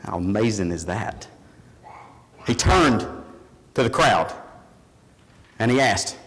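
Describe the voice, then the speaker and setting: A man preaching a sermon in a church, telling a story in an animated, emphatic way. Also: lowish voice, slow, pauses often, in a large hall, rough recording.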